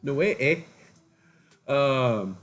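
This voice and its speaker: A man's voice: mid-range voice, animated, very slow, a bit bright. A man casually chatting to viewers on a livestream, telling rambling stories and mimicking other people's voices. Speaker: livestream host.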